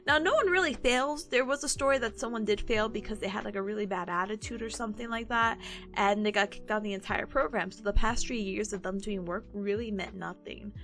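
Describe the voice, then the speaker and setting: A woman's voice: mid-range voice, a little fast, faint music behind. A woman in her twenties, a streamer, chatting casually and acting out the people in her story. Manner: animated, acts out quoted people.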